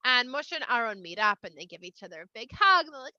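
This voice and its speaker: Bright, playful storytelling woman. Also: on the high side, big pitch swings, fast, no room sound, muffled recording. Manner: slangy, playful, conversational. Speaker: storyteller for children. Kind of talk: casual retelling of a Torah portion.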